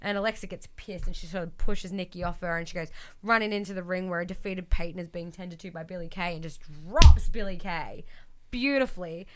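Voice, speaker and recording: A woman's voice: on the low side, fairly quick, slight background noise. A woman co-hosting a podcast, chatting casually as she recaps a wrestling show and acts out the quotes with lots of fillers. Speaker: podcast co-host.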